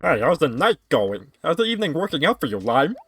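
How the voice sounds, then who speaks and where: A man's voice: a little high, sing-song, brisk, fairly bright tone, breathy edge, faint music behind, voice pushed up, full character voice. A man doing a peppy bragging frog jock. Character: boastful jock male frog villager.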